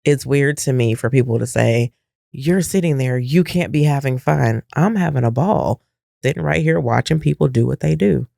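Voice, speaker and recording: A man's voice: medium pitch, moderate pace, vocal fry, darkish tone, no room sound, clean studio sound. A middle-aged man co-hosting a casual podcast chat, reflective and emphatic, firing off rhetorical questions. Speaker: podcast co-host.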